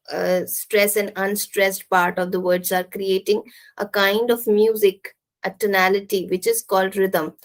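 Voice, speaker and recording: A woman teaching English pronunciation from slides, who explains step by step and slowly sounds out example words. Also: medium pitch, low-quality recording.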